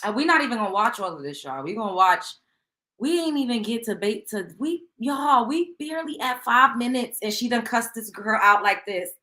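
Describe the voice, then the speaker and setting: A woman's voice: on the high side, animated, normal speed, pushed and bright. A woman hosting a show, reacting to a clip with indignant, emphatic commentary. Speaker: show host.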